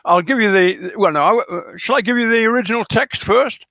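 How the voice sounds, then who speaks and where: A man's voice: sits high, a little fast, bright, forceful tone, no room sound. A man being interviewed as a scholar, explaining in a lecturing way with frequent hesitations and fillers, stressing key words for emphasis.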